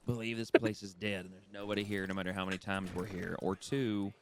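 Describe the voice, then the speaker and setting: A man talks in character with a lowish voice and loose, folksy phrasing. He sounds casually exasperated. Light hiss runs under his mic. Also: level tone, brisk. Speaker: roleplayer in a western game. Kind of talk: in-character game roleplay chat.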